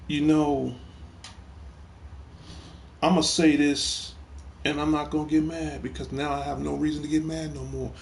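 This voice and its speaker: A man's voice: fairly high pitch, level tone, unhurried, vocal fry, long pauses, a little hiss or hum. A middle-aged man hosts a gaming talk stream, speaking emphatically and repeating himself while addressing a troll. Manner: emphatic, repeats phrases, heated toward a troll. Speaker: host of a gaming talk show. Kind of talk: casual live stream talk.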